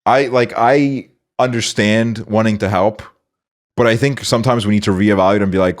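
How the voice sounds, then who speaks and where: Jeune animateur de podcast, estonien, voix grave, débit décousu et grossier. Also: male voice, fairly low pitch, steady tone, normal speed. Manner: rambling, heavy filler and swearing. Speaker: podcast host. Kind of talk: casual chat.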